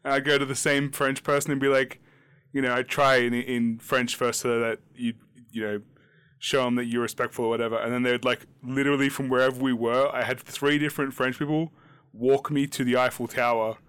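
A man's voice: mid-range voice, level tone, fairly quick, fairly bright tone, smooth. A man with an Australian accent playing a tabletop game, talking in a rambling, jokey way full of fillers. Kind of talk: casual in-character play.

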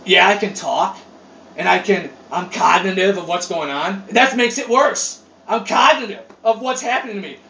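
A man chatting casually on a podcast. He tells rambling stories with lots of swearing and animated outbursts. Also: high-pitched, moderate pace, gravelly. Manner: animated, profane, rambling storyteller. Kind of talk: casual chat. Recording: roomy echo, distant mic, faint noise.

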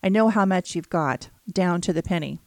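A gleeful masked woman robber, put on by the narrator, snarling threats and boasting. The voice stays low and is recorded very dry and close. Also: moderate pace, no room sound, lightly acted.

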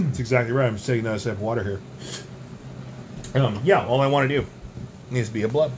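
Deadpan rambling young man. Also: mid-range voice, a little fast, a little hiss or hum. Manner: deadpan rambling, tall tales. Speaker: podcast co-host. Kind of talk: absurd comedic banter.

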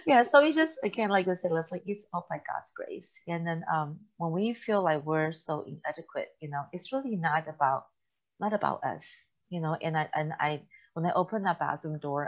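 A woman's voice: deep voice, normal speed, muffled recording. A middle-aged woman hosting a casual faith talk, telling stories with lots of laughter. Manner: animated storytelling, laughs often.

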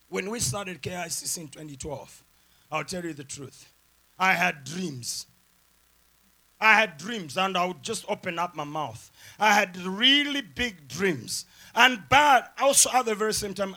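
A pastor preaching a sermon with emphatic repeated phrases, swinging from loud shouted lines down to quiet asides. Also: male voice, high voice, expressive, measured pace.

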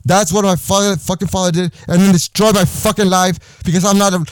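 Young man, high voice, angry profane rant, podcast host, dry close sound. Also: fairly even intonation, brisk, clean tone, dry recording. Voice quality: profane, heated, repetitive.

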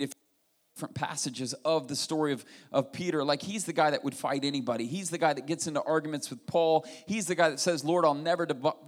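Guy preaching, kinda high voice, animated, acts out the story lines as he goes. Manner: animated preaching, retells scripture with lively dialogue and asides. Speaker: pastor. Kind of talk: sermon.

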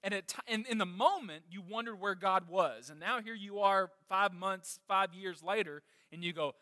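A man's voice: sits high, moderate pace, hardly any pauses, pushed and bright, no echo, studio quality, big-room sound. A man preaching a sermon with passion, reading scripture and putting questions to the congregation. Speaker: pastor.

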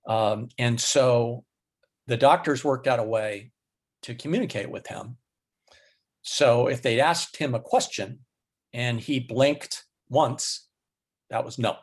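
A man being interviewed as a guest, telling a long personal story slowly, with many fillers and restarts. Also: mid-range voice, breathy edge. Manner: slow, halting delivery with many fillers.

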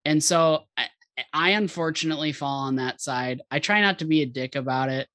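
Southern US man, podcast host, rambling and laughing, bright dry voice. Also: fairly high pitch, brisk, dry recording. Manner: laughs often, rambling with restarts. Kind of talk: casual chat.

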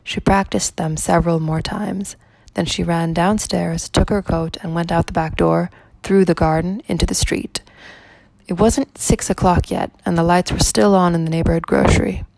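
A woman reads a story aloud in a low, gravelly voice, measured and even. The sound is close and completely dry, with no room around it. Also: no room sound. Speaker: narrator. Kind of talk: storybook narration.

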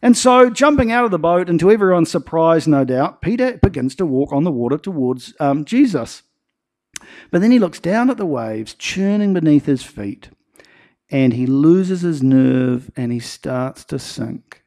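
NZ-male pastor, animated sermon storyteller, slightly higher voice. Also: measured pace. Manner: animated storytelling with acted-out quotes.

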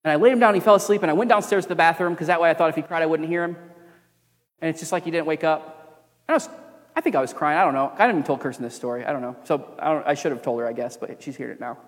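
A young man delivers a sermon from the pulpit in a fairly high voice. He is earnest, leaning into emphatic lines and then sinking into quiet, personal confession. His words carry a long reverb from the church sanctuary around him. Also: very fast. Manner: earnest, swings from emphatic preaching to quiet confiding. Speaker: pastor.

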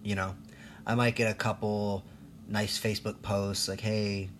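A man's voice: fairly low pitch, little pitch movement, normal speed, a bit bright, a little hiss or hum. A man in his thirties ranting in a rambling, profane, sarcastic monologue, laughing at himself now and then. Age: 30s. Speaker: vlogger.

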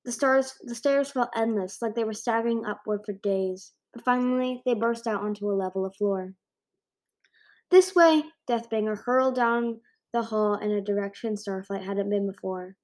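A woman's voice: mid-range voice, normal speed. Woman reading a storybook aloud. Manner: expressive read-aloud with occasional restarts. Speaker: amateur audiobook reader.

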